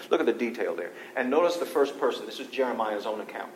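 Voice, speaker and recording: An animated man speaks quickly and with few pauses as he leads a group Bible study, reading scripture aloud and explaining it conversationally. The room is echoey, with a faint low rumble.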